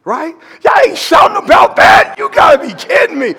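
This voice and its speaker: A man preaching a sermon as pastor, storytelling with animated, shouted emphasis in a church sanctuary. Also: very high-pitched, moderate pace, vocal fry, some chatter behind. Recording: long reverb of a large church hall.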